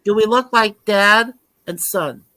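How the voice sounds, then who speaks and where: A man's voice: high-pitched, slow, bright, forceful tone. A middle-aged man hosting a casual group video chat, joking and laughing often. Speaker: host.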